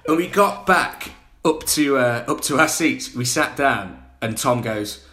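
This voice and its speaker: Animated man telling a story. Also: medium pitch, a little slow, slight background noise. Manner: animated storyteller, acting out other people's voices. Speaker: podcast guest. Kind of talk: casual anecdote telling.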